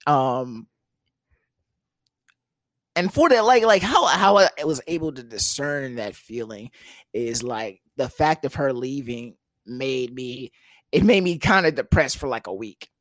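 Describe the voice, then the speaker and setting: A man telling a story in a casual podcast chat, his voice swinging lively up and down, with frequent laughs and restarts. The recording is dry and close, with no room sound. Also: mid-range voice, a little slow, no echo. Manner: animated, swearing, laughs often, trails off and restarts. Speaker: podcast co-host.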